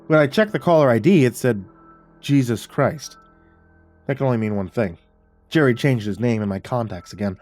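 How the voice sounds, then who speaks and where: A man narrating a horror story in a wry, even storytelling manner. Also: mid-range voice, fast talker, faint music behind.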